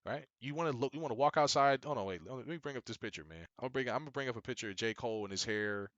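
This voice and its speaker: Emphatic young man, quick bright delivery, dry close sound, preachy monologue. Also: medium pitch, no echo, muffled recording. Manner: emphatic, preachy, repeats himself. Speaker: business coach. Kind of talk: casual monologue commentary.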